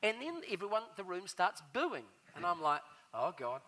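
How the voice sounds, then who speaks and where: Very high-voiced, bright New man. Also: normal speed. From New Zealand. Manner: animated, acts out the voices of people in his stories. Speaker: guest storyteller. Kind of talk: live stage storytelling.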